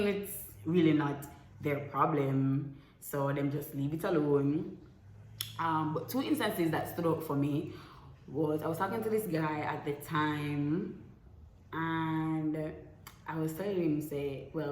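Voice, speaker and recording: Low-voiced woman telling her story. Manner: candid, chatty, acts out past conversations. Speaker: vlogger. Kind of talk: personal storytelling to camera. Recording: echoey room with faint noise.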